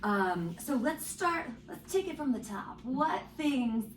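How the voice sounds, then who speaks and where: A woman's voice: high-pitched, very animated, slow pace. A woman co-hosting a podcast in casual chat, rambling with many fillers. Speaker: podcast co-host. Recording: echoey room, far from mic.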